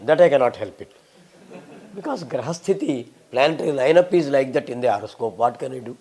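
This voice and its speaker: A man in his sixties with a Telugu accent, a visiting scholar answering questions in a fast, humorous and emphatic way. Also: mid-range voice, expressive, darkish tone. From Telugu-speaking South India. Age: 60s. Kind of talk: lecture-style Q&A.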